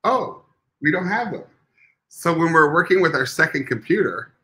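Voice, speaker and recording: A man's voice: a little high, sing-song, normal speed, bright, forceful tone, low-quality recording. A man co-hosting a podcast in casual chat, sassy, dramatic and profane. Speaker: podcast co-host.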